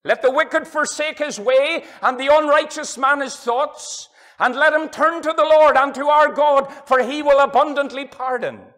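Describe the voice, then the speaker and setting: High, forceful Northern Irish preacher man. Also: normal speed. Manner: impassioned revival preaching, swinging from loud to hushed; quotes old-fashioned scripture phrasing. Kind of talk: evangelistic sermon. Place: church meeting hall.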